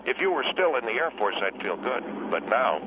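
A man voicing a gruff older husband who is a guest on a talk radio show. He grumbles and rambles in a suspicious way. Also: mid-range voice, big pitch swings, a little fast, highs cut off, noisy background, voice pushed down, close to an everyday voice. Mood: grumbling.

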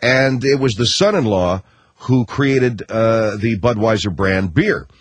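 A man hosting a radio talk show, rambling and wisecracking as he tells stories in a casual, animated way. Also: fairly low pitch, slow. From United States.

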